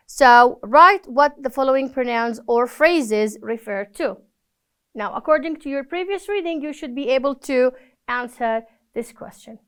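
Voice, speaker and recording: A woman's voice: high voice, fairly bright tone, clear, resonant tone. A woman teaching a recorded English reading lesson, patient and encouraging, praising each answer. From Palestine.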